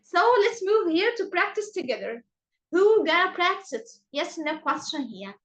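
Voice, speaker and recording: A high-voiced woman with an Egyptian accent teaches English over a video call. She takes her time and stresses each word. Her pitch swings widely as she models questions and statements. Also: big pitch swings, a bit bright, low-quality recording. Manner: slow, emphatic, exaggerated rising and falling pitch. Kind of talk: online class teaching.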